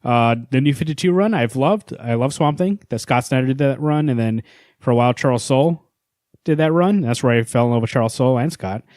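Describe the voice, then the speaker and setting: A man's voice: mid-range voice, expressive, fairly quick, darkish tone, no room sound, studio quality. A man co-hosting a comics podcast in casual chat, playful and prone to rambling joke stories. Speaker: podcast co-host.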